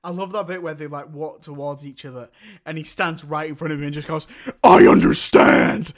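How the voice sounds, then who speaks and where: A young adult man co-hosts a casual film review podcast, laughing and joking often as he retells scenes and mimics the characters. His voice is a little high and a bit bright, with fairly even intonation, and he talks fast.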